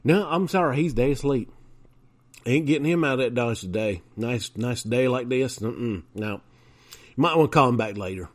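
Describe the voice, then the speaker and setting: A man's voice: mid-range voice, animated, moderate pace, voice pushed up, lightly acted. A man voicing a rambling rural man in a folksy drawl with loose grammar, repeating himself.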